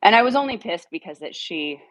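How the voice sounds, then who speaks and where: A woman casually telling a dog rescue story, animated, swearing now and then and acting out her own lines. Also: brisk, no room sound, rough recording. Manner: animated, acts out her own dialogue in a higher voice; swears casually when irritated.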